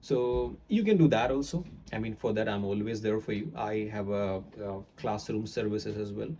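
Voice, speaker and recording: A man teaching accents to camera, explaining in a rambling way with frequent pauses. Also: on the low side, warm tone, a little hiss or hum.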